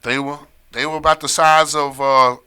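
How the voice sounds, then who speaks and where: A man telling a long story in casual chat on a live stream, animated, repeating phrases and laughing often. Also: fairly high pitch, normal speed, clear, resonant tone.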